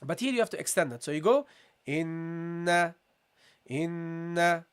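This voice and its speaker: A Quran recitation teacher giving a tajweed lesson, patiently repeating syllables slowly for students, with a slight cold and occasional throat-clearing. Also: medium pitch, big pitch swings. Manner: patient, repeats sounds slowly, calls listeners "guys". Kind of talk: tajweed lesson, live session.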